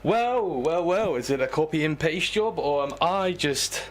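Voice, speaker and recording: A man's voice: on the high side, lively intonation, measured pace. A man voicing a mad mage who hosts a game show, with grinning, theatrical showman patter. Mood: mocking.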